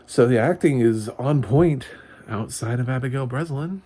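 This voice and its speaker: A man's voice: medium pitch, normal speed, warm tone. A man giving a casual spoken movie review, rambling with frequent chuckles, fillers and restarts. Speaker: film reviewer.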